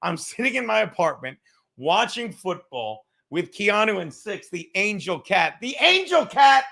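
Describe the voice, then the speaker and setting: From his home apartment, a man hosts a comedy podcast, launching into a casual rant that's profane, mocking and sarcastic. His voice sits high with lively intonation at a measured pace, creaky, bright and forceful.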